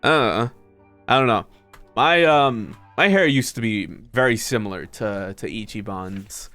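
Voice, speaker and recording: A man's voice: on the low side, unhurried, no echo, faint music behind. A man streaming a video game, chatting casually with viewers, swearing often and laughing between complaints about his run. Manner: animated, swearing, frequent laughter. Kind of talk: casual gameplay commentary.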